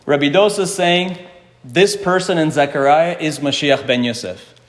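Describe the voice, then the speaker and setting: A man's voice: fairly high pitch, moderate pace. A man teaching a Talmud class, reading Hebrew and Aramaic passages aloud and explaining each one in English while putting questions to his students. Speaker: Torah teacher. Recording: reverberant hall.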